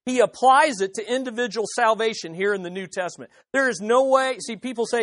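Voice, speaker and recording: A woman's voice: fairly high pitch, a little fast, few pauses, fairly bright tone, dry recording. A woman preaching a sermon, putting rhetorical questions to the audience with emphasis.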